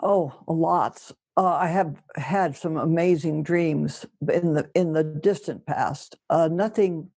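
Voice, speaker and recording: A woman guest on a podcast, speaking slowly and thoughtfully with hesitant pauses. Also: sits low, a little mellow, no echo. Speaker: podcast guest, the co-host's mother. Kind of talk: casual chat.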